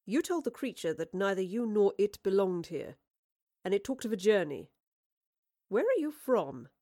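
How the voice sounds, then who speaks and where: A woman reading the part of a brisk, stern female professor in an audiobook, firm and questioning. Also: medium pitch, big pitch swings, warm tone, no echo, clean studio sound.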